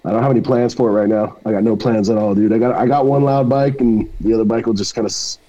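A man's voice: lowish voice, fairly even intonation, mellow, muffled recording. A middle-aged man chatting as a podcast guest, rambling and joking with lots of swearing. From Mexican-American. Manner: profane, joking, drawn-out storytelling. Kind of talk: casual podcast chat.

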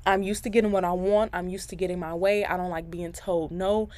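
A woman's voice: lowish voice, steady tone, brisk, darkish tone. Chatty young woman hosting a podcast. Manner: chatty and candid, addresses listeners directly, laughs between thoughts; faith-filled, encouraging. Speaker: podcast host. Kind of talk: casual podcast monologue.

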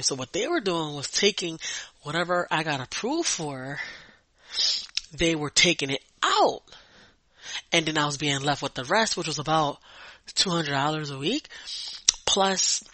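A man's voice: fairly high pitch, sing-song, unhurried, pushed and bright, no echo, poor audio. A young adult man hosting a podcast, telling a story in a blunt, profane way and often repeating words as he vents. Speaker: podcast host. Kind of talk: casual storytelling monologue.

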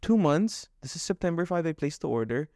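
A man's voice: a little high, animated, brisk, a little mellow, dry recording, studio quality. A man co-hosting a podcast, ranting with agitation about a bad purchase, acting out quoted back-and-forth exchanges. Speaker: podcast co-host. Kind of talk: casual podcast rant.

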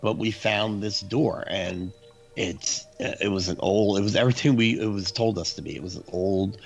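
A man casually telling a spooky story from his youth, animated and laughing, acting out his friends' screams. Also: on the low side, moderate pace, faint music behind.

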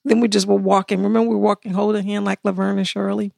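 A middle-aged American woman hosting a podcast in casual, animated chat, laughing often and acting out quotes. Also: mid-range voice, fast, creaky, no room sound, studio quality. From United States. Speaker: podcast host.

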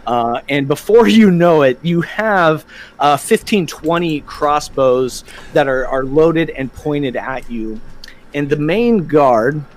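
A man's voice: on the high side, lively intonation, slow pace. A man running a tabletop game as game master, narrating in a loose, rambling way with fillers.

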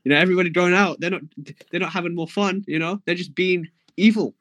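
A man's voice: sits high, quick pace, a bit bright, no echo. Young guy rambling and joking on a panel, dry close sound. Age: young adult. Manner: rambling and jokey, mock self-righteous. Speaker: improv panelist. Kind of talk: casual chat.

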